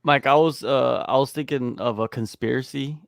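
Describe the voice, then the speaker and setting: A man's voice: mid-range voice, moderate pace, creaky, no echo, clean studio sound. Emphatic male sports talk host. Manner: emphatic, animated, peppers talk with "man". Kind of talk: casual sports talk chat.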